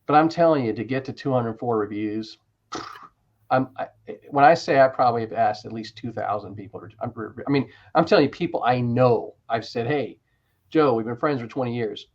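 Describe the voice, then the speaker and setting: Animated storytelling man, slightly muffled. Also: mid-range voice. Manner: animated storyteller, quick restarts and asides. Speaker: interview guest, author. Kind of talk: casual interview talk.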